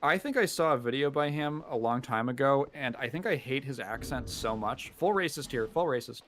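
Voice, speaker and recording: Male streamer, chatty and rambling, laughs easily; mid-pitch voice, noticeable background noise. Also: moderate pace, a bit bright. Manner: rambling, self-deprecating, laughs often. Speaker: gamer streaming with a friend. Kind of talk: casual chat.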